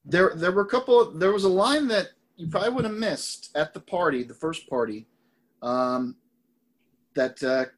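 A man co-hosting a podcast in casual chat, animated and fond of crude jokes, often restarting his sentences. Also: fairly high pitch, normal speed. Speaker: podcast co-host.

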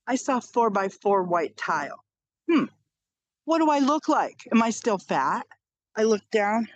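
A woman's voice: lowish voice, no echo. A woman in her fifties, a podcast guest, earnestly telling a personal story and repeating phrases for emphasis.

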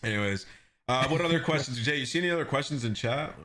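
A man hosting a podcast, chatting casually in relaxed, slangy banter. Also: medium pitch, quick pace. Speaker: podcast host. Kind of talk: casual chat.

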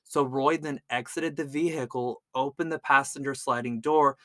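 A man in a mid-pitched voice tells a true-crime story in a loose, conversational way. He trips over words now and then and fills gaps with "like." The sound is close and dry, with no room around it. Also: fairly even intonation, normal speed, a bit bright, dry recording. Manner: chatty, stumbles over words, lots of "like". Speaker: podcast host.

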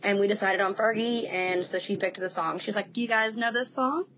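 A woman in her thirties, a guest in a casual interview, telling animated stories and laughing often. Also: mid-range voice, fairly quick, a little hiss or hum, low-quality recording.

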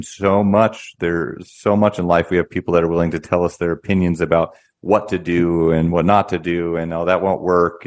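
A man speaking as an interview guest, explaining things in a steady conversational way with frequent restarts. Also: low-pitched. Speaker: guest, real estate company founder.

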